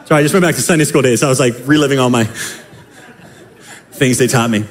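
A male pastor preaching a sermon in an animated, emphatic way, often repeating phrases. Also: mid-range voice, fast, pauses often.

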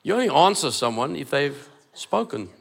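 A man's voice: a little high, big pitch swings, normal speed, creaky. A man preaching a sermon, emphatic, repeating phrases and acting out dialogue. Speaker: pastor.

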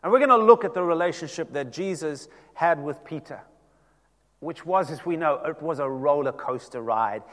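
A male pastor preaching a sermon, telling the story with lively acted-out dialogue. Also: on the high side, normal speed, in a large hall. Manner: animated storytelling, acting out quoted voices.

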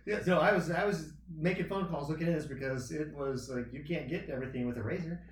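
A man's voice: on the high side, fast, a loud crowd. Easygoing man, echoey distant mic. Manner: easygoing, agreeable, laughs often. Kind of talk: casual chat. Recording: echoey room, mic at a distance, faint noise.

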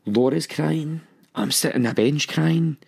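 A man with a Scottish accent recounting a painful personal story in a halting, emotional way. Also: on the high side, vocal fry, darkish tone, slightly rough.

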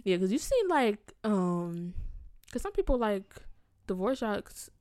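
A woman's voice: mid-range voice, sing-song, takes it slowly, darkish tone, dry recording, studio quality. A woman co-hosting a podcast in joking casual chat, giggling and filling talk with "like". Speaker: podcast co-host.

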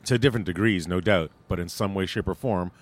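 A man's voice: low voice, quick pace. A man hosting an interview, asking probing, good-humored questions. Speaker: interviewer host.

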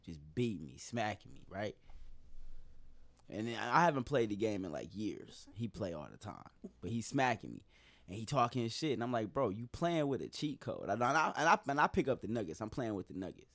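A man's voice: lowish voice, sing-song, brisk, a bit bright, dry recording. A man hosting a casual podcast, laid-back and swearing freely as he tells stories. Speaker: podcast host.

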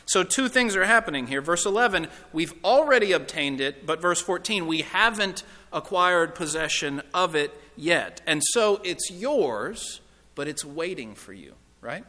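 A man's voice: high-pitched, lively intonation, unhurried, sharp tone. A man preaching a sermon with earnest, emphatic questions to his congregation. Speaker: pastor. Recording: reverberant hall.

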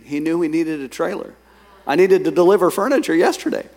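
A man preaching a sermon as pastor, lively, reading scripture and telling stories to his congregation. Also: a little high, brisk, creaky. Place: church sanctuary. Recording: long hall reverb.

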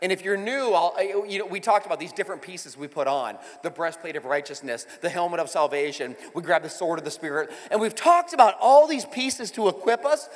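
A pastor in his forties preaching and telling stories in a church auditorium, animated and emphatic. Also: high-pitched, a little fast, hardly any pauses. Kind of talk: sermon with prayer and storytelling. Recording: reverberant hall with faint music.

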